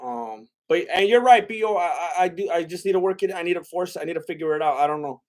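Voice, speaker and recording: A young man chats loosely on a livestream, his voice sitting a little high for a man. He rambles and hesitates, trailing off into fillers and starting his sentences over. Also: expressive, quick pace, a little mellow. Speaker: livestream host reading chat. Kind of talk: casual livestream chat.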